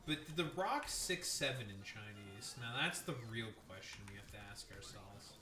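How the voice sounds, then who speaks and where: A man's voice: lowish voice, lively intonation, normal speed, pushed and bright, roomy sound, soft background music. A man streaming, trading crude, teasing banter and mock-grandiose announcements with his chat. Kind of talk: casual livestream banter.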